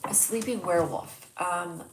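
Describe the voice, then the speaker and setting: A woman's voice: fairly low pitch, a little slow, background noise. A young adult woman with a stuffy nose, hosting a casual live stream, rambling and self-deprecating as she reads viewers' jokes aloud. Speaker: host. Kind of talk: casual livestream chat.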